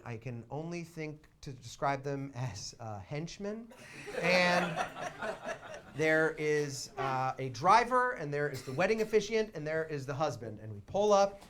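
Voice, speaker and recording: Man telling a story on stage. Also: fairly high pitch. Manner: conversational, shouts quoted lines for comic effect. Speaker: comedian. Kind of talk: live storytelling stand-up. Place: small theater stage with audience.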